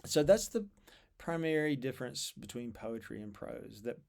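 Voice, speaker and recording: A man's voice: mid-range voice, lively intonation, gravelly. Thoughtful man explaining poetry. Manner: thoughtful, measured, with fillers and repeated words. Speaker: literature lecturer.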